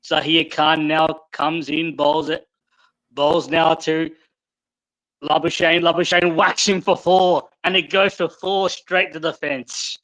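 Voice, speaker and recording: Bright cricket commentator, slow and deliberate, done by a man. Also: on the high side, flat delivery, poor audio. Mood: announcing. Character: male cricket commentator calling play.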